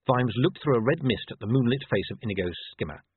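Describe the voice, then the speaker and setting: A man reads an audiobook in a measured, expressive voice with a lively pitch. His tone is husky. The sound is thin and dry, like a phone line. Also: no room sound. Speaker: audiobook narrator. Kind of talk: audiobook narration.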